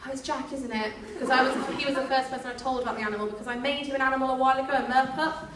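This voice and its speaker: A woman's voice: high-pitched, steady tone, very fast, reverberant. A woman performing whimsical live comedy storytelling to an audience, playful and teasing. Recorded on a distant phone in a noisy room.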